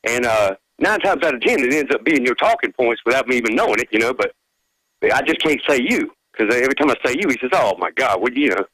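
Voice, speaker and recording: Rambling caller with a lively voice. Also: male voice, medium pitch, fast, no room sound, low-quality recording. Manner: chatty and rambling, with many fillers. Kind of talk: phone-in call to a radio show.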